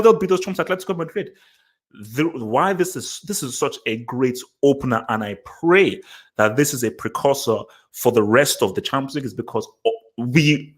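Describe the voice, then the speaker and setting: A man hosting a casual live football post-match analysis stream, excitable and rambling, with lots of restarts and repeated words. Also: medium pitch. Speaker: livestream host.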